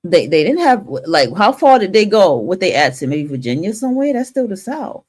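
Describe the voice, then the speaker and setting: A woman's voice: medium pitch, big pitch swings, normal speed, darkish tone, husky. A woman from the northern United States hosting a talk stream and giving a blunt, profane opinion monologue, often restarting her sentences.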